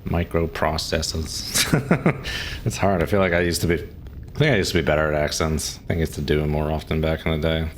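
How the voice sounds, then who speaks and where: Very deep-voiced male streamer. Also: fast talker, slight background noise. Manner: chatty, reads and answers chat questions; relaxed, frequent chuckles. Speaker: game streamer. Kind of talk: casual live-stream commentary.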